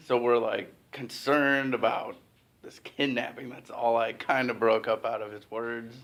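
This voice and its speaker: A man's voice: mid-range voice, level tone, unhurried, vocal fry, a bit bright, slight background noise. A man from Illinois telling a humorous personal story as a club speaker, casual and self-deprecating with frequent fillers. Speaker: humor master giving a club speech. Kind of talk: comic storytelling speech. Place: meeting room.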